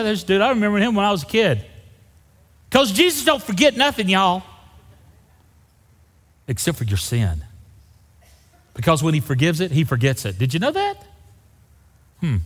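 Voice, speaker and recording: A man's voice: a little high, in a large hall. A man preaching a sermon as a pastor, folksy and joking, acting out the people in the story. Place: church sanctuary.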